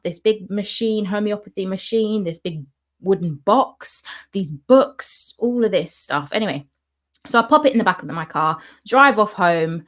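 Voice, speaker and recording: At a moderate pace and medium pitch, a young vlogger describes something that happened to her, staying casual and animated and acting out each person she quotes.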